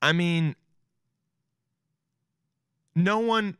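A young man talks on his podcast in a lively, slangy riff, breaking into laughs and calling everyone "dude". His voice sits a bit high for a man. The sound is dry and close, with no room around it. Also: drawn-out words, clean tone, no echo. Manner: animated, laughing, slangy, keeps saying "dude". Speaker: podcast host. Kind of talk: casual solo podcast riff.

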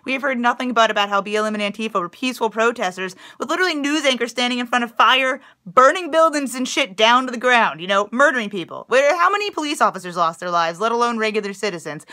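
A woman's voice: fairly high pitch, expressive, fast, bright, forceful tone. A woman vlogger ranting in angry, profane, sarcastic commentary.

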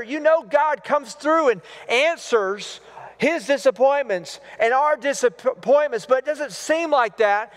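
A man's voice: high-pitched, a bit bright. A man preaching a sermon as pastor, earnest and questioning, with stumbling restarts. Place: church sanctuary. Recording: long hall reverb.

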